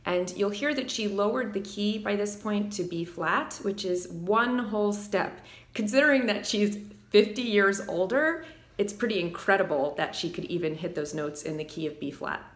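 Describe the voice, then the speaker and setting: A woman's voice: medium pitch, moderate pace, echoey room. A woman vocal coach explaining singing technique, commenting with enthusiasm over music clips.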